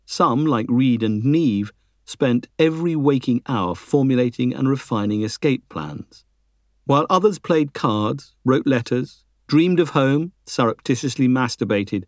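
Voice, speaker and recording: A man reading a history book aloud as a narrator, measured and lifting his pitch for emphasis. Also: dry recording, studio quality. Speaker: audiobook narrator.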